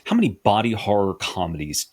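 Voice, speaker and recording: A man's voice: on the low side, huge pitch swings, brisk, darkish tone, slightly rough. A man from the US co-hosting a podcast, chatting casually about a movie, laughing often and acting out scenes. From United States. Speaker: podcast co-host. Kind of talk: casual movie review chat.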